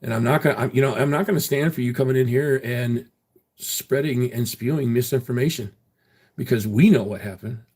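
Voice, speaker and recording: A man's voice: mid-range voice, fairly quick, darkish tone, husky. A man hosting his own livestream, chatting casually with viewers and answering their comments bluntly, with frequent swearing. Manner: defensive, blunt, swears freely. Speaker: livestream host.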